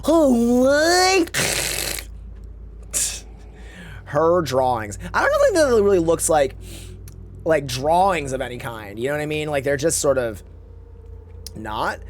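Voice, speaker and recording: A man's voice: a little high, big pitch swings, normal speed, slight background noise. A man streaming a game, chatting casually in a rambling way with campy slang and reading chat aloud. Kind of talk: casual live-stream chat while gaming.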